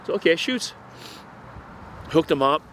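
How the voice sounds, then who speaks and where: Speaking a little slowly in a fairly high voice, this interviewee recounts a surf tale from his home on Oahu's North Shore. The casual retelling is lively, meandering and full of profanity, with slight background noise behind him.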